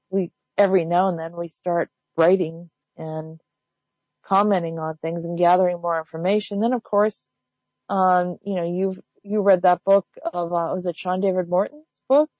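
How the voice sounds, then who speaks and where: A woman hosts in a relaxed, meandering way, her voice on the low side. The recording is dull and lo-fi, with no room sound at all. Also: moderate pace, dry recording. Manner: meandering with fillers. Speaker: host. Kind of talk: casual conversation.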